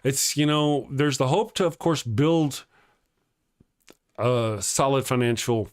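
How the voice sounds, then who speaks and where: A man's voice: medium pitch, slow. A man hosting a casual livestream show, reading viewer comments aloud, joking and laughing often as he rambles and restarts his sentences. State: has a headache. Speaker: host of an atheist morning show.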